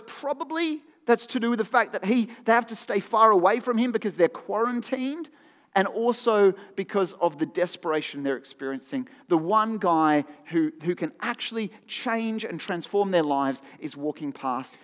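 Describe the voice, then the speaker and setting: A man's voice: sits high, normal speed, long reverb tail. A man giving a sermon in an earnest, conversational way, often repeating phrases for emphasis. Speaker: preacher.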